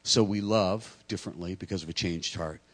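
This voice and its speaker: Deep-voiced man preaching with animated stories. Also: brisk. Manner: animated storytelling, acting out dialogue; self-deprecating humor, stammers. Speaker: pastor. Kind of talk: sermon.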